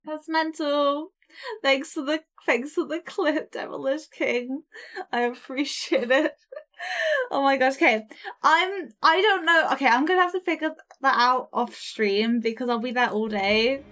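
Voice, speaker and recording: A young woman with a high voice chats her way through a game on a live stream. She talks at an easy, unhurried pace. She sounds flustered and giggly as she thinks aloud. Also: fairly bright tone. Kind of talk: casual live-stream gameplay chat.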